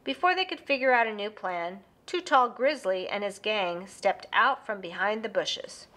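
Bright, lively storybook narrator woman. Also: medium pitch, moderate pace.

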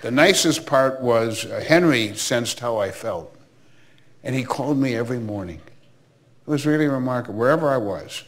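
A man's voice: medium pitch, animated, moderate pace. Older man telling baseball stories. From Milwaukee. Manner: anecdotal, warm reminiscing with asides. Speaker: former baseball commissioner, guest. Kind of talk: storytelling interview.

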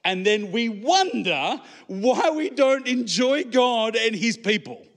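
A man's voice: extremely high pitch, lively intonation, slow. A man preaching a sermon in church, conversational and full of rhetorical questions to the congregation. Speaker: pastor.

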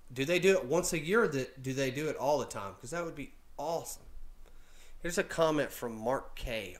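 A chatty, excitable man giving casual reaction commentary at home, laughing often as he talks. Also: on the high side. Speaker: reaction video host. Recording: echoey room with faint music.

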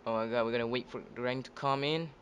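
A male gaming video host giving casual let's-play commentary, jumpy and excitable, yelping when scared. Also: mid-range voice, fast, a little hiss or hum. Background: game music.

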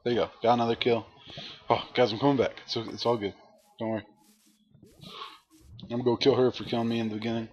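A man's voice: medium pitch, little pitch movement, fast, long pauses, muffled recording. A man commenting casually on a game he is playing, talking to his viewers and letting out frustrated outbursts. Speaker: gaming commentator. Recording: loud background noise.

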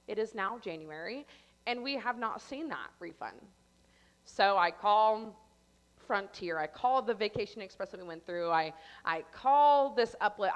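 A young adult woman giving a sermon at church, telling a personal story in an animated way and acting out her own panicked lines. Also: medium pitch. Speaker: church speaker.

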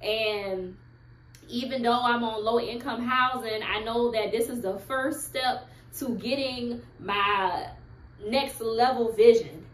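A woman's voice: a little high, takes it slowly, a bit bright, roomy sound, low-quality recording. A woman in her thirties filming a personal vlog at home, speaking in an earnest, heartfelt, faith-filled way. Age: 30s. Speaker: vlogger.

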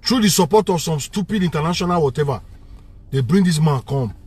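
A man's voice: a little high, lively intonation, brisk, a little mellow, slight background noise. A man with a Nigerian Pidgin English accent delivering a heated, repetitive political rant, switching between Pidgin and English. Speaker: vlogger.

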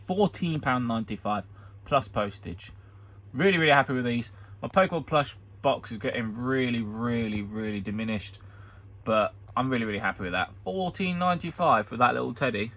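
A man's voice: medium pitch, fairly bright tone. A man, a reseller vlogging casually as he picks his orders, hyper and jokey, often talking to himself. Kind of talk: casual vlog while packing orders.

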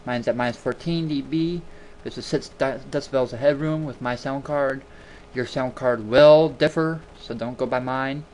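A man's voice: medium pitch, moderate pace, few pauses, darkish tone, a little hiss or hum. A man hosting a casual screen-recording tutorial, chatty and rambling, repeating words for emphasis, talking into a desktop mic at his home computer. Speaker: video tutorial host.

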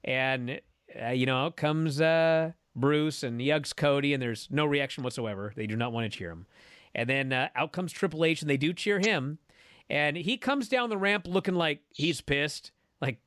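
Excited man recapping wrestling. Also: a little high, moderate pace, clean tone, dry recording, studio quality. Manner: animated storytelling, acting out quotes. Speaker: podcast co-host. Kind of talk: casual wrestling recap chat.

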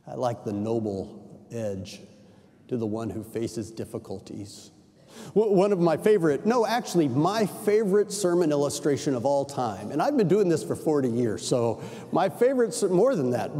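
Older male preacher, easy conversational sermon, slightly high mellow voice, echoing sanctuary. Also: expressive, normal speed. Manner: conversational storytelling preacher, self-correcting asides. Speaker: pastor. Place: large church sanctuary. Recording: reverberant church sanctuary.

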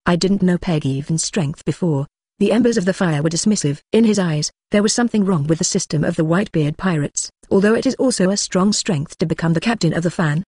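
A synthetic-sounding narrator reading a translated fantasy novel in a steady, even manner without fillers. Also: medium pitch, a little fast, breathy edge, dry recording, clean studio sound. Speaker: audiobook narrator.

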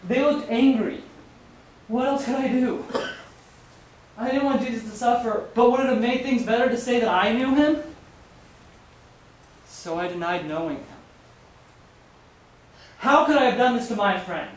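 A man's voice: very high voice, lively intonation, moderate pace, long pauses, fairly bright tone. A man playing a remorseful apostle who denied his friend, speaking with anguished self-questioning in a stage play monologue. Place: school hall. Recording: distant echoey hall with hiss.

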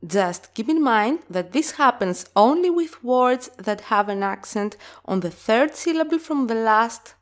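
A woman teaching a language lesson, explaining slowly and carefully, with example words sounded out clearly. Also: a little high, lively intonation.

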